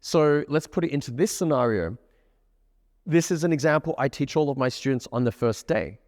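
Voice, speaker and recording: A man coaching a live group of students, keeping the session energetic and often checking that the room follows him. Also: mid-range voice, moderate pace, dry recording, clean studio sound, big-room sound. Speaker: dating coach. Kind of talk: live workshop teaching to a group. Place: room with a live audience, on stage.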